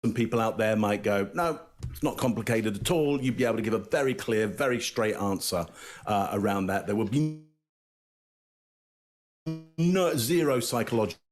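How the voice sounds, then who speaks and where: A man giving casual panel analysis of body language in a deliberate way, often pausing on fillers. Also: lowish voice, faint music behind.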